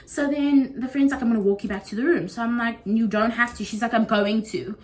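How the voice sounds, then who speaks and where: A young woman from South Africa with a South African accent, telling a story casually to camera and acting out what others said. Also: fast talker. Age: young adult. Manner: animated, acts out quotes with big pitch jumps. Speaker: YouTuber.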